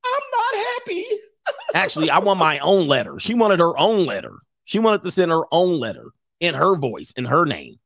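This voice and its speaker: A man's voice: on the high side, normal speed, gravelly, hardly any pauses, dry recording, studio quality. A man hosting a casual livestream, telling stories with lots of laughter and reading viewer comments aloud. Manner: animated storyteller who laughs often. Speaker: host of a livestream show.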